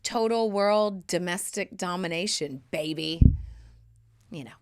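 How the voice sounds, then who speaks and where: Animated, foul-mouthed woman podcast host. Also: lowish voice, measured pace. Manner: animated, swears freely, swings between loud bursts and hushed asides. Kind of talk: casual solo podcast talk.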